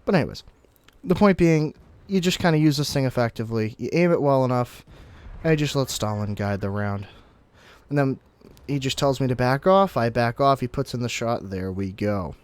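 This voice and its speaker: A young gaming commentator gives laid-back, explanatory narration of his play, with sudden bursts of excitement here and there. The mid-range voice moves at a normal speed, and the recording is dry.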